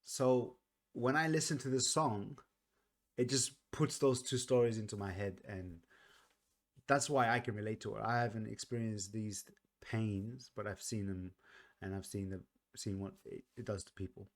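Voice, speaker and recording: A man talking casually through a song's meaning, earnest and reflective, often pausing and restarting his sentences. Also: mid-range voice. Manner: earnest, reflective, soft-spoken. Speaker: music reaction vlogger. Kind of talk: casual song commentary.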